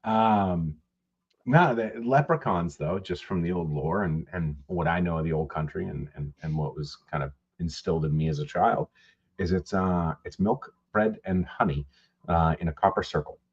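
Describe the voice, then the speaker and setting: A man with a fairly low, husky voice tells loose, profanity-laced stories as a podcast co-host. The audio is dull and lo-fi. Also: moderate pace. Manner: rambling, profane storytelling with laughs. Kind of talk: casual podcast chat.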